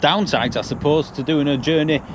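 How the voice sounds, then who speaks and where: A man's voice: a little high, moderate pace. An English man chatting casually and jokily as a vlogger, outdoors by a car charger. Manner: chatty, jokey, laughs often. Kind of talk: casual vlog chat. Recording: noisy outdoor recording with traffic.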